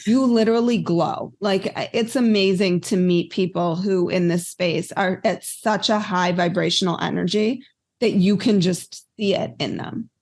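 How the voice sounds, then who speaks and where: A woman's voice: fairly low pitch, fairly even intonation, moderate pace, darkish tone. A woman host in an interview, giving short affirmations and sounding openly impressed by her guest. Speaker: podcast host.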